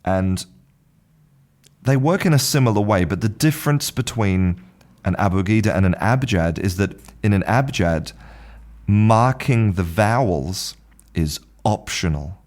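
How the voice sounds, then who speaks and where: A man's voice: on the low side, expressive, a little slow, darkish tone. A man hosting a podcast lesson, explaining in a chatty, informal way with frequent restarts and repeated words. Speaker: podcast host, English teacher. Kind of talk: casual spoken lesson. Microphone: podcast microphone.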